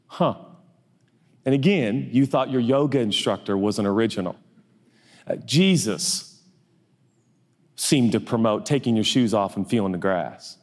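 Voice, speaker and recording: A man's voice: mid-range voice, expressive, unhurried, long pauses. A man preaching a sermon in a loose, joking way, acting out little dialogues. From US Northwest. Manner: conversational, jokey, acts out little dialogues. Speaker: pastor. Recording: long reverb of a large hall.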